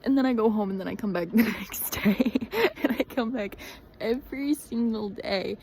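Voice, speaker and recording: A woman's voice: on the high side, normal speed, darkish tone, a little hiss or hum, poor audio. A young woman telling a story in a chatty, dramatic way, full of fillers. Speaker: vlogger. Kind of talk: casual storytelling.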